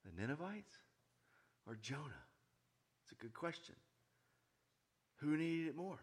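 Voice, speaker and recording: A man's voice: on the high side, sing-song, unhurried, slightly rough. Man preaching with big volume swings. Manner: dynamic preaching, swings from hushed to loud; asks the listeners many questions. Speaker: pastor. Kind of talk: sermon.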